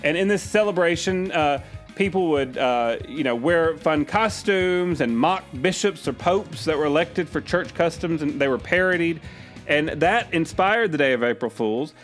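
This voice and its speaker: A male radio co-host, playful and chatty, with a lively pitch set a touch high. Faint music plays under him. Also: normal speed. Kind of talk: comedic radio banter.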